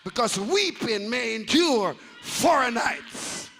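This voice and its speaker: A man preaching a Pentecostal sermon in a church, shouting in a sing-song cadence and dropping to hushed asides. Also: very high-pitched, expressive, slow, gravelly, long reverb tail, soft background music. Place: church sanctuary.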